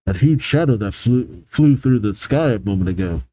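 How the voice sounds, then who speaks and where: A man reading a polite adult male battle leader's lines from a manga, a bit lower and softer than his own voice. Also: expressive, normal speed, close to an everyday voice, rough recording. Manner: read aloud a little lower and softer. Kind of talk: reading manga dialogue aloud.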